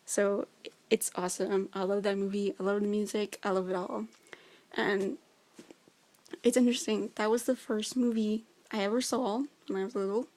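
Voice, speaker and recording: A woman's voice: mid-range voice, little pitch movement, moderate pace, a little mellow. A young woman chatting casually about her favorite movies, enthusiastic and full of fillers. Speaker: vlogger.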